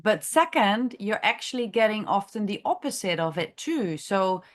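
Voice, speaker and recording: A woman who is a chiropractor, leading a masterclass discussion in an unscripted, halting way, thinking aloud with many fillers and restarts. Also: mid-range voice, sing-song. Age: adult, has a grown daughter. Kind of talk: unscripted teaching talk.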